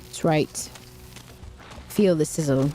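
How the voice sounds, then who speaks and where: Soft music plays behind a woman streaming a video game in a low, warm voice and slow pace. She keeps up relaxed, chatty let's-play commentary and playfully hums tunes while she plays.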